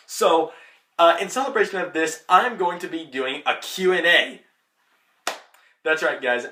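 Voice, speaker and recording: A young man giving a casual, rambling movie spoiler review as a vlogger, excitable and full of fillers. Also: a little high. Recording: echoey room.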